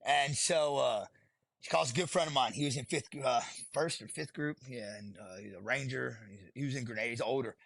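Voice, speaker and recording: A man's voice: mid-range voice, brisk, gravelly, a bit bright, no echo. A middle-aged man, a podcast guest telling his story bluntly and profanely, rambling as he goes. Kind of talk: candid storytelling.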